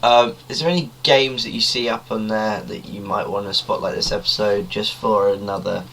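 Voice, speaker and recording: A man's voice: fairly low pitch, steady tone, moderate pace, a bit bright, far from the mic, slight background noise, rough recording. A young man co-hosting a casual podcast, hesitant and dry in his remarks. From Britain. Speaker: podcast co-host. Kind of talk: casual chat.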